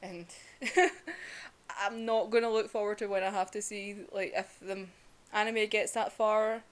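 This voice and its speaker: A woman's voice: mid-range voice, level tone, unhurried. A young woman, ranting casually and emotionally in a vlog, laughing often and swearing. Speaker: vlogger reviewing manga.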